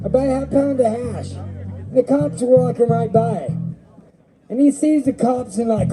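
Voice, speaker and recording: Middle aged guy emceeing outdoors, high mellow voice, rambly jokey banter, bit of music behind. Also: animated, unhurried, low-quality recording. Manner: rambling, joking, storytelling. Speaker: stage emcee. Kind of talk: stage banter. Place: outdoor festival stage.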